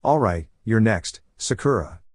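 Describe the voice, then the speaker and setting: A man reading the lines of a laid-back, teasing adult male ninja teacher in an easygoing, unhurried way. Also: on the low side, lively intonation, darkish tone, no room sound, clean studio sound.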